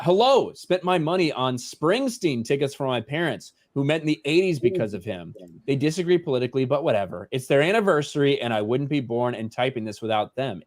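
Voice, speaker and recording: A man co-hosting a casual online show, joking crudely and reading viewer donation messages aloud. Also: medium pitch. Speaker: podcast co-host reading donations.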